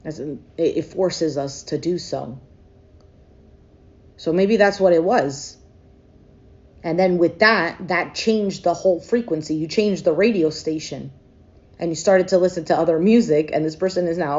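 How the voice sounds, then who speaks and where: A woman doing a casual tarot reading to camera. She is emotional and thinks out loud, with frequent hesitations. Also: fairly low pitch, unhurried, long pauses, dull audio. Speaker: tarot reader.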